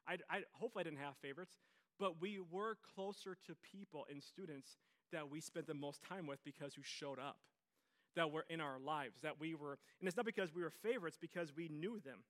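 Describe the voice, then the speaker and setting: A man's voice: fairly high pitch, a little fast, fairly bright tone. A man preaching a sermon as pastor, telling stories with energy and repeating his phrases for emphasis.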